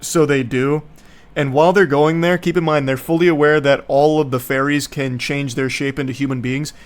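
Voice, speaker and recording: A man's voice: medium pitch, fairly even intonation, moderate pace. A man from the United States, a streamer, ranting about a movie in a casual, sarcastic and profane way. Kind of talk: casual movie review rant.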